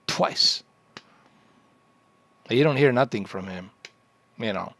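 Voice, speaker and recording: A man's voice: fairly low pitch, lively intonation, slow pace, creaky, a bit bright, no room sound. A man chatting on a livestream in a boastful, rambling, profane way.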